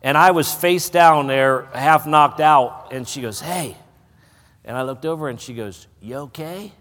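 A middle-aged man preaching a sermon, telling a folksy personal story before rising into loud preaching. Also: medium pitch, fairly even intonation, normal speed. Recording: hall reverb.

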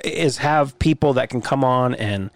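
A man's voice: medium pitch, measured pace, no echo. Male podcaster, easygoing, meandering delivery, mid-range voice. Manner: relaxed, rambling, occasional swearing. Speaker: podcast host. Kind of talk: casual podcast chat.

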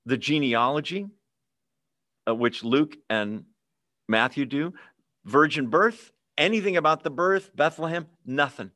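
A man's voice: mid-range voice, unhurried, fairly bright tone, dry recording, studio quality. A man leading a Bible study over a video call, talking casually with fillers and humorous asides. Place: online video meeting.

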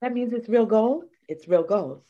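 A woman playing an emotional partner in an improvised comedy scene, quick to tears and quick to defend herself. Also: on the high side, animated, mellow, lo-fi sound. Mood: touched. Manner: gushing, quick to tears and self-justifying. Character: emotional, touchy woman on a romantic outing.

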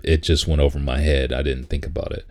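A man in casual chat, laid-back and laughing often, repeating words when he gets excited. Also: a bass voice, fast talker.

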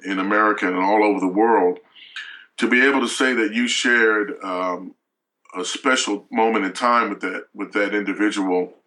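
Man, middle-aged, bright voice, halting delivery, restarts and fillers. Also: fairly low pitch, poor audio. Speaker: guest. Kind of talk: emotional storytelling.

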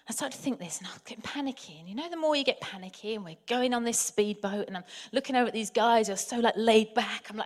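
A woman from England telling a personal story in a chatty, animated way, often turning to address her listeners directly. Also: a little high, quick pace, hardly any pauses. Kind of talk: anecdotal storytelling.

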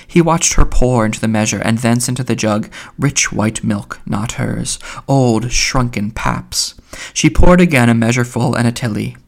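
A man narrating literary fiction for an audiobook. His voice sits at a middling pitch with a gravelly, creaky texture. He reads in a measured way and sometimes stumbles and corrects himself. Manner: measured, with occasional slips. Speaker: audiobook reader.

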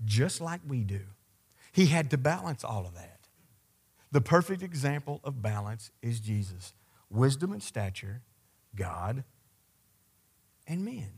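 A pastor delivering a sermon, his voice sitting a little higher than most men's. He talks to the congregation in a conversational way and calls out to them directly. He drives his points home with emphasis. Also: husky.

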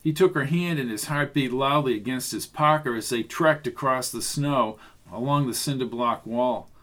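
A man narrating a mystery audiobook in a steady, even voice. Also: medium pitch, moderate pace. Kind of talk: scripted narration.

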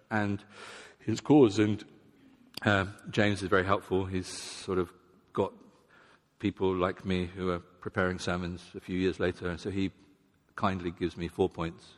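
A man's voice: deep voice, flat delivery, unhurried, long pauses. A man preaching a sermon in a conversational, self-deprecating way, sometimes acting out the voices of imagined people. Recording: long hall reverb.

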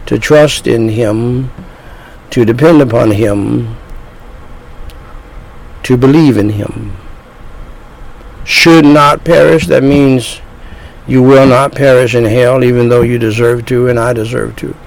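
A man preaching an evangelistic sermon, slow and deliberate, drawing out his phrases. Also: medium pitch, fairly even intonation, vocal fry, poor audio.

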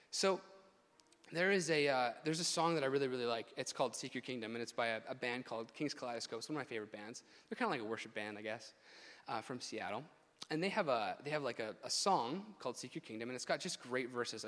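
A man preaching a sermon in a church hall, animated and emphatic, with frequent restarts. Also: mid-range voice, quick pace. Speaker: pastor.

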